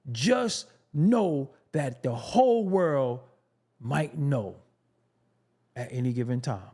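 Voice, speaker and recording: A man hosting his own commentary channel, talking in an emphatic, profane, conversational way, repeating phrases for effect and dropping low for serious asides. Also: darkish tone. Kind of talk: opinionated commentary.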